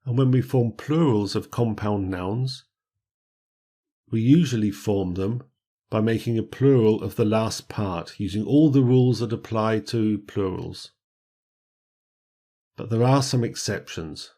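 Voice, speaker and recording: A man teaching an English grammar lesson, reading word lists slowly with careful stress on each word. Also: lowish voice, dark tone.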